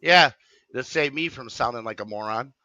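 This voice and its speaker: Guy chatting on his stream, bright tense voice, kinda dull dry mic, lots of um and uh. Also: mid-range voice, normal speed, no room sound. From Wisconsin. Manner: rambling, heavy on fillers and restarts. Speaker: stream host. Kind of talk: casual chat.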